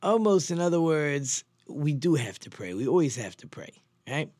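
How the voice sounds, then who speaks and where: A man's voice: a little high, very animated, normal speed, darkish tone, dry recording, studio quality. A man teaching as a religious teacher, telling a story in an earnest, conversational way with frequent restarts. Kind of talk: storytelling sermon.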